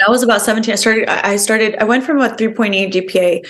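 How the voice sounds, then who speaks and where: A young woman speaks as a podcast guest, recounting her own past with earnest feeling. She talks in a loose, rambling way, filling her sentences with "like" and "you know". Her voice sits at an ordinary middle pitch for a woman. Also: fast talker, fairly bright tone. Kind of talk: personal storytelling in an interview.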